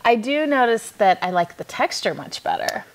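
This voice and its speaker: A woman's voice: on the high side, very animated, moderate pace, creaky. A woman from New Mexico, a guest reviewing kitchen gadgets in casual chat, matter-of-fact and agreeable.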